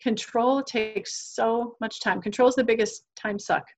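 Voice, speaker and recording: A woman's voice: fairly high pitch, fairly even intonation, unhurried. A woman guest on a podcast talking earnestly about parenting, acting out quoted conversations as she tells stories. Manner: earnest, enthusiastic, acts out quoted dialogue. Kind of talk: podcast interview, animated storytelling.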